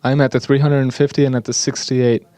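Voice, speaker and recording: A man giving an earnest, slightly halting English voice-over interpretation of speakers at a conference. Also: mid-range voice, little pitch movement, mellow, dry recording.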